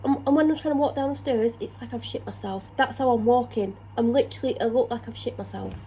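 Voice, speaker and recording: A woman's voice: a little high, fairly quick, warm tone, slight background noise, poor audio. A tired woman rambles in casual chat about her day while cooking in her home kitchen. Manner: rambling, chatty, self-deprecating. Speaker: vlogger.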